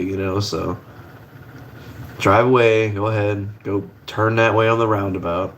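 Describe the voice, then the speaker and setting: A man's voice: on the low side, flat delivery, normal speed, a bit bright, a little hiss or hum. A young man hosting a casual livestream from his kitchen at the stove, rambling in a laid-back way and swearing casually. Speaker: livestream host.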